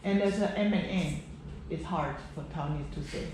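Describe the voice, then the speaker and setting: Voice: medium pitch, normal speed, a little mellow. A trainer explaining pronunciation drills to new teachers, emphatic and often checking whether the listener follows. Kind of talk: casual instructional chat. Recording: echoey room, faint background noise.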